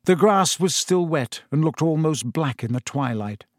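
Male audiobook reader, slightly high voice, measured, dry booth. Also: expressive, no echo. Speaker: audiobook narrator. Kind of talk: scripted narration.

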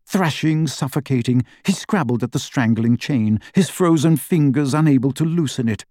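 A male narrator reads a story in a measured, dramatic way. His voice sits in an ordinary middle pitch and the recording is close and dry, with no room sound around it. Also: warm tone, no echo. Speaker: audiobook narrator. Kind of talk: scripted narration.

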